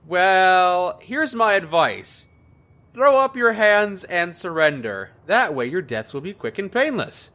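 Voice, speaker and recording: A man's voice: sits high, sing-song, takes it slowly, sharp tone. A man commenting on his gameplay, joking sarcastically and playing his character aloud. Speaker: gaming video host.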